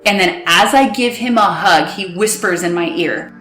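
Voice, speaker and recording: Low-voiced woman telling her story in an echoey room. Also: a bit bright, faint music behind. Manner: halting, replays dialogue in quotes. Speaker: guest recounting her story. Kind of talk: personal storytelling. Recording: roomy echo.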